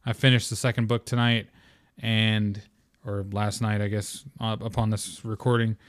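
A man hosts his own podcast, talking off the cuff in a slightly low voice. He rambles, leans on "um" and "like," and swears casually. The close mic gives a dry, roomless sound. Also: level tone, normal speed, dry recording. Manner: rambling, profane, filler-heavy. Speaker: podcast host. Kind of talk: casual solo podcast talk.

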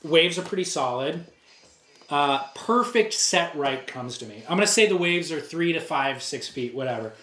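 A male podcast co-host with a fairly high voice tells a story casually at a normal speed, animatedly acting out the quotes with energy. He's at a surf museum, and the recording carries a roomy echo.

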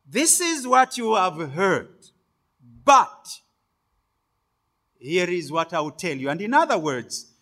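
A male preacher with a high, bright voice delivering a sermon. He speaks slowly and deliberately, phrase by phrase, and hits key words with sudden loud emphasis. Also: very animated.

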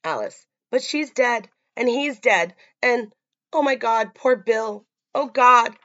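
A woman's voice: on the high side, expressive, slow, fairly bright tone, dry recording, voice pushed up. A woman voicing a terrified young female camp counselor, panicked and pleading, in a dull lo-fi recording.

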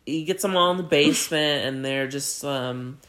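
A man co-hosting a podcast, casually retelling a TV episode with lots of filler words and loud acted-out lines. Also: on the high side, normal speed. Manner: rambling, acts out lines in loud put-on voices. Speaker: podcast co-host.

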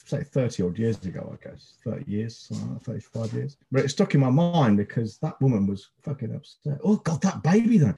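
A man's voice: medium pitch, gravelly, warm tone, a little hiss or hum. A man in his fifties hosting a podcast, telling rambling, sweary stories in casual chat. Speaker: podcast host.

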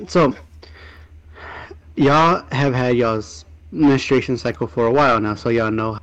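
Guy w an asking awkward questions real slow, lots of ums, muffled audio. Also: mid-range voice, a bit bright. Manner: hesitant, curious questioner with fillers. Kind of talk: casual group chat.

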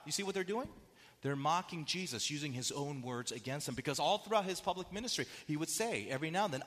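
A man's voice: a little high, expressive, fast talker, fairly bright tone, in a large hall. A man preaching a sermon, asking the audience rhetorical questions and acting out quotes with dramatic shifts. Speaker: pastor.

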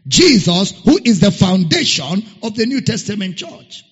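A pastor preaching a sermon, emphatic and repetitive, sometimes singing words. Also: male voice, high-pitched, big pitch swings, normal speed, slightly rough. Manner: emphatic, repeats key phrases, sings some words. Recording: dull lo-fi recording in a reverberant hall.

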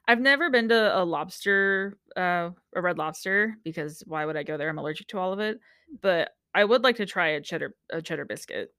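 A woman's voice: on the low side, moderate pace, dry recording, studio quality. A young woman on a podcast, casually recapping a TV show, acting out quotes and laughing often. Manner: animated storyteller, acts out quotes, laughs often. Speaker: podcast co-host.

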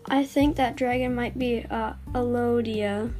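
A woman's voice: fairly high pitch, steady tone, unhurried, warm tone, faint music behind, close to an everyday voice. A woman reading the lines of an anxious female dragon who urgently speaks up for another in a fan story. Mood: imploring. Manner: urgent, imploring.

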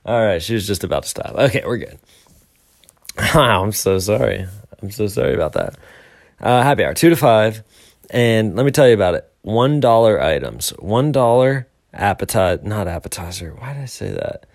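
A man's voice: fairly low pitch, lively intonation, normal speed, gravelly. A young man hosting a casual morning show, rambling upbeat with self-deprecating asides. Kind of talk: casual solo podcast talk.

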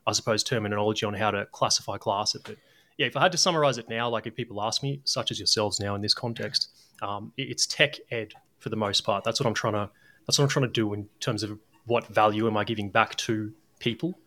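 A man with an Australian accent, a guest on a casual interview, talking in a measured, hedging way. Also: lowish voice, pushed and bright. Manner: measured, hedging, says "mate". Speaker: guest, former army sniper.

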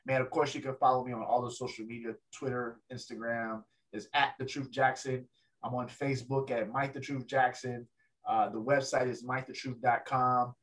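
A man's voice: mid-range voice, normal speed. A man, a ring announcer, telling a story in a casual interview and acting out the people in it. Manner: animated storyteller, acts out other people's voices.

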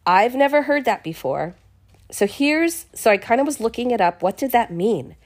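A woman casually retelling a Bible chapter in her own words, expressive and chatty, often restarting her sentences. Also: fairly high pitch, normal speed. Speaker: podcast host reading the Bible.

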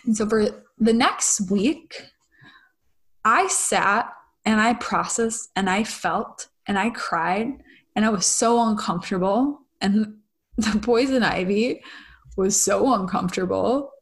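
A young woman, a spiritual vlogger, tells her audience a personal story in a confessional, casual style. She swears freely and keeps asking "right?" Her voice is medium-pitched and slow.

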